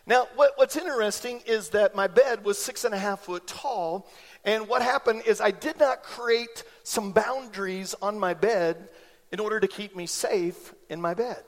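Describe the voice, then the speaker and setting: A man in his forties preaching a sermon in church, an animated storyteller who acts out the voices in his anecdotes. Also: high voice, unhurried, long reverb tail. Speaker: pastor. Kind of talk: sermon with personal stories. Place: church sanctuary.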